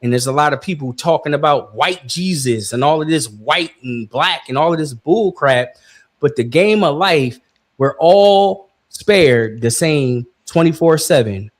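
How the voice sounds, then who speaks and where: A man's voice: a little high, animated, unhurried. A man speaking emphatically in a heated podcast debate.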